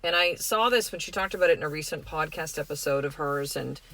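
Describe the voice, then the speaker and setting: A middle-aged woman hosting a podcast, giving a gentle, earnest, reflective spiritual self-help talk. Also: low voice, fast talker. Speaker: podcast host.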